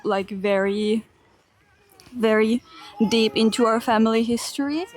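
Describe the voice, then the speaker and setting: A woman's voice: fairly high pitch, slight background noise. A young woman from Finland chatting casually to her livestream audience while walking outdoors through a park, holding a phone camera. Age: young adult. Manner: chatty, laughs easily, talks to chat. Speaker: IRL streamer. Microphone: handheld phone camera.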